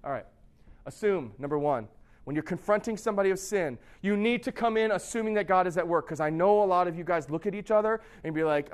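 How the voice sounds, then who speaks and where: A man's voice: high voice, fast talker, clean tone. A middle-aged pastor giving a sermon in a conversational way, often asking his listeners questions. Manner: conversational, asks the audience questions.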